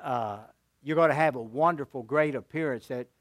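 An older man preaching a sermon as a pastor, telling a story earnestly, rising to emphatic points and dropping to a hushed voice. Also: medium pitch, normal speed, no room sound.

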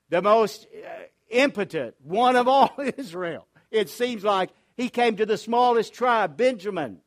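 An older man, a pastor, preaching a sermon in an earnest storytelling way, with frequent restarts. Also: high-pitched.

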